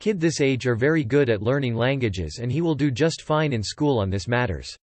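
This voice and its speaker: A man reading forum posts aloud in steady, matter-of-fact scripted narration. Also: mid-range voice, normal speed, no echo.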